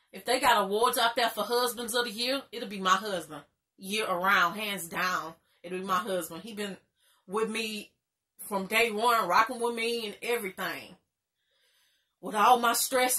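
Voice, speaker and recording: A young woman vlogger speaks directly to the camera with a medium-pitched, bright, forceful voice. She offers casual, emphatic advice, repeating her points in informal slang, and at times she's crying or close to tears.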